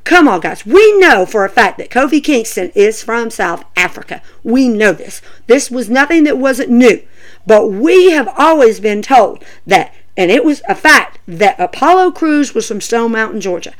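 A woman's voice: a little high, moderate pace. A woman hosting a podcast, giving casual, ranting commentary full of fillers and exclamations. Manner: animated, ranting, lots of fillers. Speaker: podcast host.

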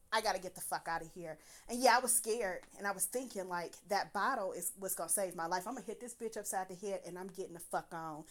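A young woman telling a personal story in a casual, profane, animated way, laughing often as she talks. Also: medium pitch.

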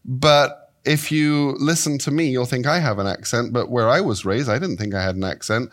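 An English man in his fifties giving a sermon as a guest Bible teacher, animated and playful, his pitch and pace shifting often. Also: moderate pace, few pauses. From England. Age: 50s.

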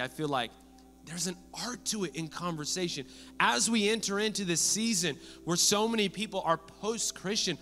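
A man preaching a sermon as pastor, lively and conversational, acting out the people he quotes. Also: fairly high pitch, big-room sound.

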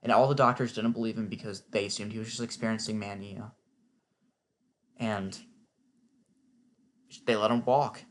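A man's voice: on the low side, steady tone, moderate pace, pauses often, a little hiss or hum. Chatty opinionated man recapping a show. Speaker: TV recap vlogger. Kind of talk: casual spoken recap.

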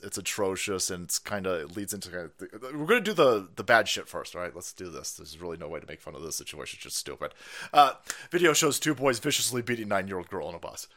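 A man's voice: mid-range voice, a bit bright. A man hosting a casual ranting live stream, profane and mocking, laughing often and putting on silly voices. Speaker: political stream host.

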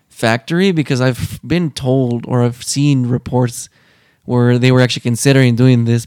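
A man's voice: medium pitch, no room sound. Easygoing man, mid-range voice, casual car chat, dry close sound. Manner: relaxed, brief replies, casual swearing. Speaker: co-host.

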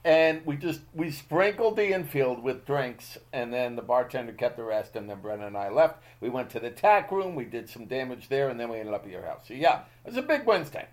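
A man's voice: mid-range voice, animated, fairly quick, hardly any pauses. A man in his thirties hosting a casual podcast chat, teasing his friend and laughing often. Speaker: podcast host.

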